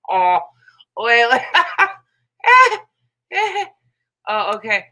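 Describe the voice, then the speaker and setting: Woman host, bright voice, mocking profane livestream rant. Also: mid-range voice, very animated, drawn-out words, rough recording. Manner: profane, mocking, laughs often. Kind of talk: casual ranting livestream chat.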